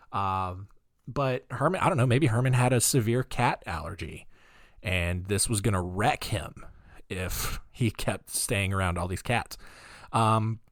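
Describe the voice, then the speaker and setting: A man hosting a podcast, telling odd history stories in a rambling, jokey way, with a deep morning voice and lots of fillers. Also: dry recording, studio quality. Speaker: podcast host. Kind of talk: casual comedic storytelling.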